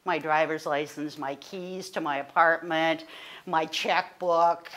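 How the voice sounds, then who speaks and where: A woman, a guest speaker telling a personal story in an animated, conversational way, full of fillers and self-corrections. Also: low-pitched, slow. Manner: animated, rising to indignant.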